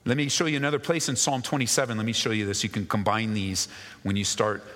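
A man's voice: lowish voice, fairly even intonation. Man preaching in an echoing hall. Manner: earnest preaching, swinging between raised emphasis and hushed, slow asides. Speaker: pastor. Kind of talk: sermon. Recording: long reverb of a large hall.

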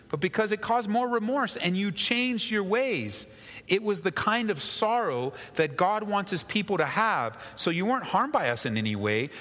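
A man's voice: mid-range voice, fairly bright tone. Man preaching in a reverberant church. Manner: reads scripture slowly, then explains with rhetorical questions. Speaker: pastor. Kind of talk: expository sermon.

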